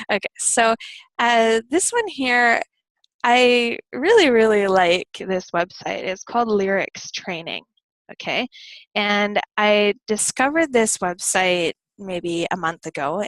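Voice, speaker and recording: A woman teaching English pronunciation in a relaxed live online lesson, explaining step by step with frequent fillers. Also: medium pitch, gravelly, no room sound, low-quality recording.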